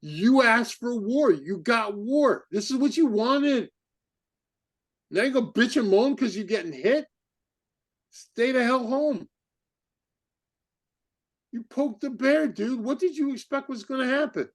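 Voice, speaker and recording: A man hosting a podcast, giving heated, indignant commentary full of rapid rhetorical questions. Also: very high voice, animated. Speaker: podcast host. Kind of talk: impassioned commentary.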